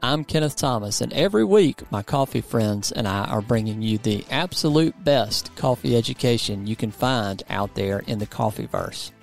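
A man's voice: lowish voice, expressive, moderate pace, creaky, hardly any pauses, faint music behind. A man hosting a podcast in a studio, upbeat and playfully teasing his co-host in casual chat.

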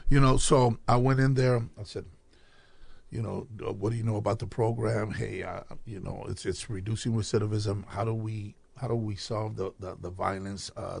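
A man's voice: fairly low pitch, gravelly, breathy edge. A man from Chicago, a podcast guest telling his life story in casual talk, acting out quoted dialogue as he goes.

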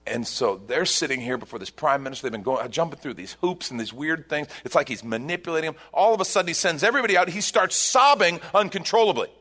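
A male pastor preaching a sermon, retelling a scripture story with emphatic, animated delivery. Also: a little high, quick pace, hardly any pauses.

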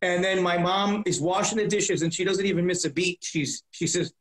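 High-voiced man telling stories, roomy. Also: steady tone, normal speed, a bit bright. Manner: profane, acts out voices in anecdotes. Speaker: comedian being interviewed. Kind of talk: animated storytelling. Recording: roomy echo.

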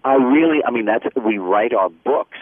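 A man's voice: medium pitch, lively intonation, moderate pace, slightly rough, no echo. An older man chatting casually as a guest, telling stories and jokes. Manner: chatty, jokey storyteller. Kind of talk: casual chat. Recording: tinny phone line.

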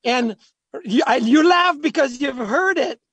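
A former hockey player talking as a guest at a golf charity event, telling stories in a chatty, animated way. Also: male voice, very high voice, a little slow. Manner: animated, chatty, acts out quotes. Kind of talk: storytelling.

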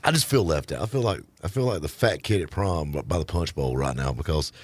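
A man hosting a radio show, chatting casually and telling stories with a joking, animated delivery in a studio. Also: rumbling low, brisk, husky, no room sound. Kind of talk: casual on-air banter.

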